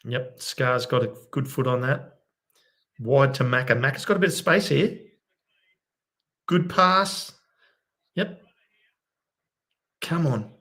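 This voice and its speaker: A man giving excitable live play-by-play commentary as a fan watchalong host, keeping his voice down at home late at night. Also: medium pitch, slow pace, pauses often. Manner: excitable, bursts into loud cheering; kept quiet since it is night at home. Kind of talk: live match commentary for viewers.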